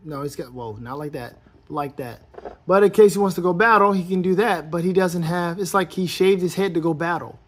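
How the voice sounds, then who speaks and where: A man's voice: sits high, a little fast, fairly bright tone. A man giving a casual toy review, rambling and playful as he thinks aloud while posing a figure.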